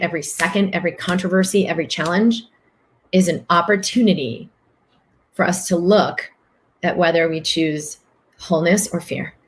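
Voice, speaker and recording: Earnest woman host, calm flowing talk. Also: on the low side, a little hiss or hum. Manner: earnest, flowing, repeats phrases for emphasis. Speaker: host reading viewer comments. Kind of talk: live-stream talk.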